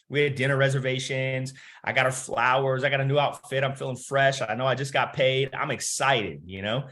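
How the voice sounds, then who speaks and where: A man in his thirties, a motivational speaker, telling his life story to an audience and acting out the dialogue. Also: medium pitch. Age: 30s. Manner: animated storytelling, acts out quoted dialogue. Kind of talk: personal story talk to an audience.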